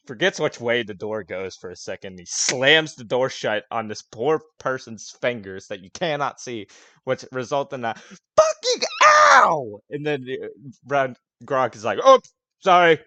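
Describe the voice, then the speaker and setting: Game master, male, slow and casual delivery, dry close sound. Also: medium pitch, pushed and bright, dry recording. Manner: casual, laughs often, swears. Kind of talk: narrating a tabletop game.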